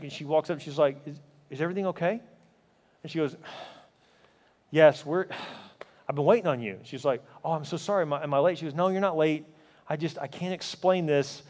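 A man's voice: fairly high pitch, darkish tone. A man preaching a sermon as pastor, telling a story and then building up with emphatic repeated rhetorical questions. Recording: hall reverb.

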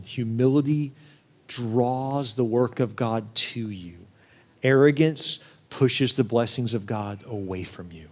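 A man delivering a sermon in a conversational style, swinging between emphatic and soft, quiet storytelling. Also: medium pitch. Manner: conversational preaching, rising to emphatic then dropping soft and quiet. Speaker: pastor.

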